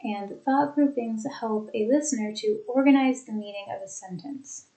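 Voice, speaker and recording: A young woman teacher reviewing a class lesson, speaking deliberately and demonstrating example sentences. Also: on the high side, mellow, poor audio. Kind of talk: lecture recap for students.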